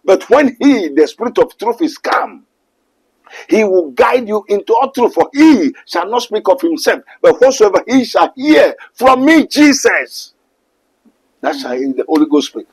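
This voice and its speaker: High, lively Ghanaian man preaching. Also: measured pace, vocal fry, breathy edge, low-quality recording. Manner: emphatic, quotes scripture, mixes English and Twi. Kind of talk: preaching in a call-and-response exchange.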